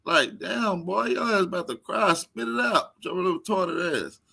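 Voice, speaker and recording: Man, host, casual panel talk, brash trash talk, gravelly, bright. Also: high-pitched, moderate pace. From Texas. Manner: brash, trash-talking, laughing often.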